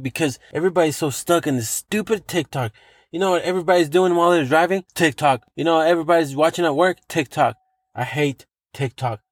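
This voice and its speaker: A man's voice: on the high side, dry recording. Profane, fired-up man ranting solo. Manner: profane, emphatic, repeats himself for effect. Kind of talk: solo rant monologue.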